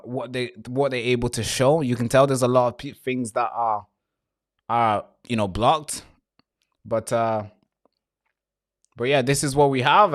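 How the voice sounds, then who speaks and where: Male live-stream host, mid-pitched, blunt and profane, off-the-cuff commentary full of repeats and restarts. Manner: blunt, swears freely, talks straight to viewers; repeats himself and restarts phrases.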